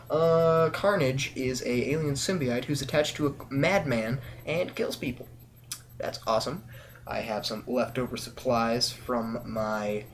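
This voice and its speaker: A teenage guy hosting a casual vlog from his bedroom, rambling and joking at his own expense, with long drawn-out pauses. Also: medium pitch, slight background noise. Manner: rambling, jokey, self-deprecating, with drawn-out pauses. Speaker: vlog host.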